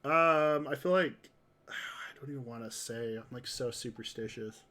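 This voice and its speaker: Slow-talking male game streamer. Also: mid-range voice, pushed and bright. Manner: chatty, says "dude" often, reacts to chat. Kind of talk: casual livestream commentary.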